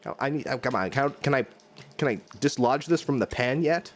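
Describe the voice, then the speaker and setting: A man's voice: mid-range voice, fairly quick, a little hiss or hum. A man streaming live from his home kitchen, rambling and joking at his own expense while he cooks and talks to chat.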